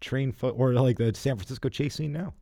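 Mellow-voiced enthusiastic man co-host. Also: mid-range voice, fairly quick, no room sound, clean studio sound. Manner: enthusiastic, rambling with fillers. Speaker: podcast co-host. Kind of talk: casual chat about movies.

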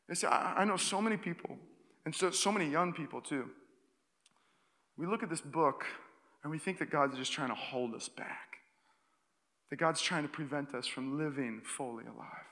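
A young male pastor delivers a sermon in a sharp, bright voice that sits a bit high for a man. He tells stories in an animated way, with restarts and quick asides. The sound rings with the long reverb of a church hall. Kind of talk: sermon with personal story. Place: church auditorium.

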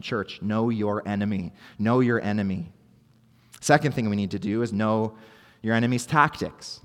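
A man's voice: fairly low pitch, moderate pace, a bit bright, big-room sound. A man preaching a sermon as pastor, earnest and emphatic, repeating key phrases for weight.

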